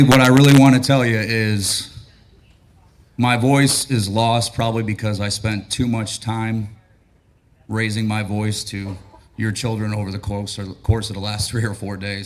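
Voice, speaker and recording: Hoarse man giving a ceremony speech. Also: lowish voice, moderate pace. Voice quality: raspy, losing his voice. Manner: relaxed, joking, grateful. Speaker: battalion chief of training. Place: graduation ceremony.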